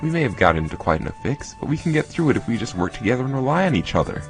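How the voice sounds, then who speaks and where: A man's voice: mid-range voice, big pitch swings, very fast, pitched above the performer's own voice. A man putting on a raised voice for an earnest young man who is lost in a cave and reads game dialogue aloud. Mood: reassuring. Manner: earnest and reassuring. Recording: faint game music behind.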